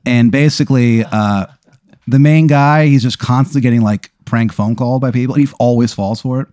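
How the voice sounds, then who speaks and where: A man's voice: medium pitch, brisk, darkish tone, dry recording. Chatty man narrating a role-play, dry. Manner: chatty, laughs often, many fillers. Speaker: game master.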